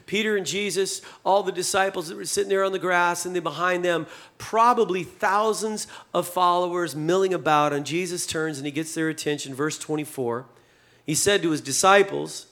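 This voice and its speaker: A man with a high-pitched voice preaches a sermon, loose and conversational. He jokes with his listeners and acts out the dialogue of the scripture scenes. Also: normal speed, fairly bright tone. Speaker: pastor.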